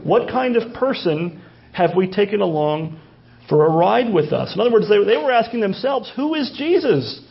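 Gravelly high-voiced male pastor. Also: expressive, moderate pace, dull audio, slight background noise. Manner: folksy asides and frequent restarts. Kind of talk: conversational sermon.

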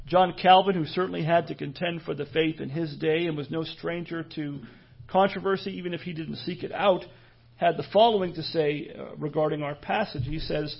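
A pastor preaching a sermon in an earnest, measured way, pausing and restarting as he goes. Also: fairly high pitch, vocal fry, slightly rough, highs cut off.

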